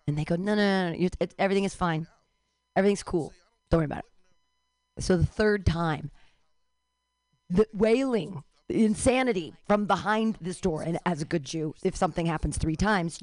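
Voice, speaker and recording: A middle-aged woman telling a comic story on a talk radio show, animated, breaking into loud cries now and then. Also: on the low side, no room sound.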